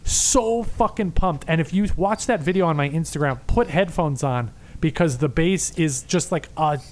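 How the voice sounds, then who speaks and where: A man with a fairly high voice telling a night-out story in casual chat. He talks excitedly and swears a lot, and he acts out the lines of the people he met. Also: moderate pace. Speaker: podcast co-host.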